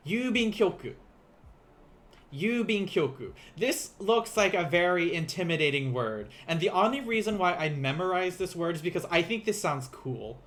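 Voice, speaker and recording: Man, young adult, teacher, lively sing-song delivery, fairly high voice, laughs often, slow repeated words. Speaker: language teacher. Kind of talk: casual livestream lesson.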